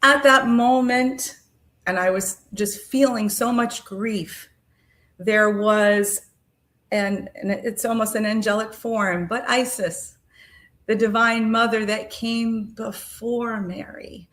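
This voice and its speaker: A middle-aged woman hosting a podcast, telling a personal spiritual story in an unhurried, reflective way with frequent ums and uhs. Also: on the high side, steady tone, fairly bright tone.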